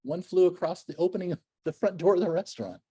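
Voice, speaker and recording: An older man giving a lively, enthusiastic slide lecture to a club, full of chatty asides and gushing praise. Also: sits high, fast talker, breathy edge, dry recording. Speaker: naturalist lecturer.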